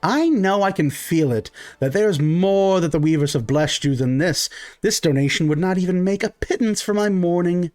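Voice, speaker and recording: Male GM doing a tiny pixie priestess, higher voice, pompous and grasping, swears a lot, sly. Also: normal speed, darkish tone, natural voice. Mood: menacing. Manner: pompous and foul-mouthed, sly and wheedling. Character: tiny greedy swindling pixie priestess woman.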